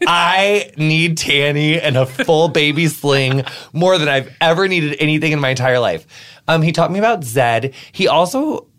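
A man hosting a podcast in casual chat, excitable and rambling, swearing freely. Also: on the high side, normal speed. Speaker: podcast host.

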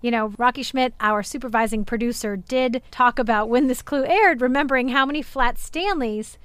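A woman from Arizona co-hosting a podcast, recapping game show episodes in upbeat, animated casual chat. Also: on the high side, moderate pace, clear, resonant tone, no room sound. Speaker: podcast co-host.

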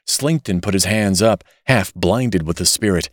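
A man narrating a classic short story as an audiobook reader, in an expressive, dramatic way. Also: sits low, measured pace, dry recording, clean studio sound. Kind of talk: scripted narration.

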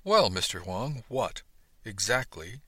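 A man reading the lines of a reserved senior male first mate in an audiobook, slow and probing. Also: lowish voice, big pitch swings, fairly bright tone, husky, dry recording, exaggerated voice. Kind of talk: audiobook dialogue.

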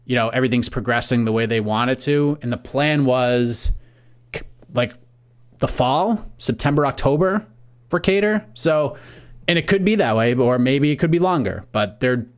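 An American man co-hosting a casual sports podcast, calmly reading through lists of fight matchups. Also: mid-range voice, moderate pace. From United States. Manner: relaxed, reads lists of matchups. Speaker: podcast co-host.

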